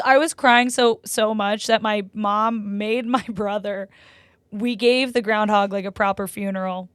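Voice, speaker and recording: A woman's voice: measured pace, clean tone, no room sound, clean studio sound. Chatty young woman, lots of "like". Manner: animated storyteller, many "like" fillers, gets loud and high when excited. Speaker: podcast co-host. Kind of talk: casual chat.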